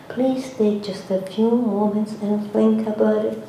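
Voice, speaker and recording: A woman's voice: mid-range voice, steady tone, unhurried, warm tone. A woman in her seventies from Hungary, giving an emotional religious lecture full of pleading repeated questions. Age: 70s. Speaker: religious teacher. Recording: echoey room with faint noise.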